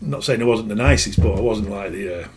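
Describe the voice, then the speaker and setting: Over slight background noise, a man with a lowish, slightly mellow voice talks fast. He's a middle-aged spiritual healer casually narrating a personal story, rambling in plain words and often correcting himself.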